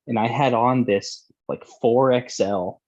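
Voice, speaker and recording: A man's voice: mid-range voice, measured pace, darkish tone, muffled recording. A young man casually telling a long, profane, rambling story as a podcast host.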